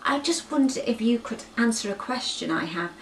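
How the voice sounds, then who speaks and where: A woman's voice: fairly high pitch, expressive, normal speed, echoey room, recorded from a distance, a little hiss or hum. A woman voicing a curious, pleading baby elephant boy who keeps asking questions. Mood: eager pleading. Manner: eager, insistent questioning.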